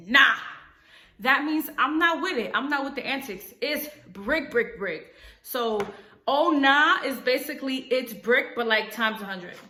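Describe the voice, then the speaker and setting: A young woman with a New York accent, casually explaining slang to her camera in an animated, playful way. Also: on the high side, echoey room. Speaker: vlogger. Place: home room by a ring light.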